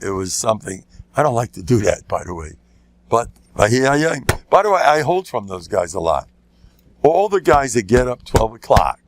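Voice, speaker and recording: An older man, a rabbi giving a lecture, telling stories with jokes, often breaking off, repeating words and laughing at his own lines. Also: a little hiss or hum. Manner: animated, jumps into loud high voices for quoted lines. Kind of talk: storytelling talk with jokes.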